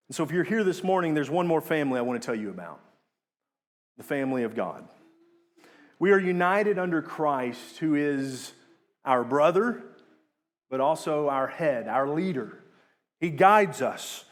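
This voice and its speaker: A man's voice: expressive, moderate pace. Earnest young man preaching a sermon. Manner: earnest, rising to emphatic peaks and dropping low on key words.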